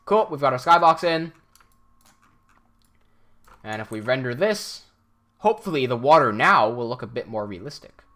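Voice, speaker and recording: A man streaming live, reading chat aloud and thinking out loud as he works. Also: mid-range voice. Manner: thinks aloud while working, reads chat aloud. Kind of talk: casual livestream chat.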